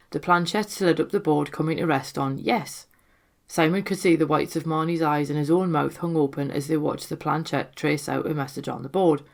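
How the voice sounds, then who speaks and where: A woman reads her own ghost story aloud with steady, suspenseful narration. Her voice sits low in pitch. It carries a gravelly, creaky texture. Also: fairly quick.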